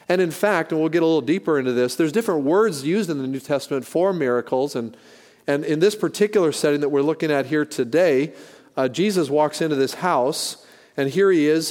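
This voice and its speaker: A man's voice: a little high, darkish tone. Male pastor, folksy joking sermon delivery, reverberant sanctuary sound. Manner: folksy, joking storytelling with frequent restarts.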